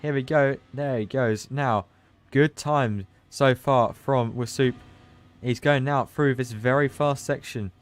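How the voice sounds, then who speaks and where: A man giving live commentary on an online racing qualifying session, chatty and loose, surging with excitement at the big moments. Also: mid-range voice, takes it slowly. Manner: loose, chatty, with restarts and asides. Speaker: race commentator; team manager. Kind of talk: live esports race commentary.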